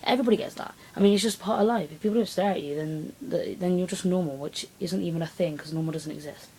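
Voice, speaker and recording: Chatty teen girl, low mellow voice. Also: quick pace, a little hiss or hum, low-quality recording. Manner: rambling, animated retelling with acted quotes. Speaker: vlogger. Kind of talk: casual storytelling vlog.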